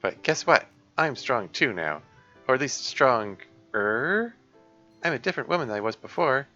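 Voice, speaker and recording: A man voicing a caring, persistent young woman who coaxes a friend and keeps gently insisting on helping. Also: mid-range voice, very animated, moderate pace, highs cut off, soft background music, voice pushed up. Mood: encouraging. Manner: eager, coaxing, gently insistent.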